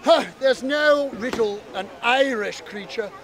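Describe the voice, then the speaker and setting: A man voicing a pompous upper-class English gentleman with a put-on posh accent. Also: extremely high pitch, unhurried, exaggerated voice. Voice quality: pompous, plummy.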